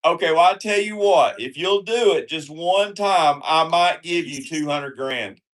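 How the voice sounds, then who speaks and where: Slow-talking teasing male host. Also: fairly high pitch, fairly bright tone. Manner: teasing, insistent, coaxing. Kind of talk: casual call-in chat.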